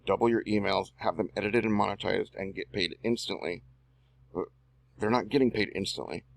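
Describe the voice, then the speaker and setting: Here a video host who does online marketing talks to himself, reading copy aloud while editing a screen-recorded tutorial and slipping in drawling, slangy asides. He speaks at normal speed in a fairly low, steady voice with vocal fry.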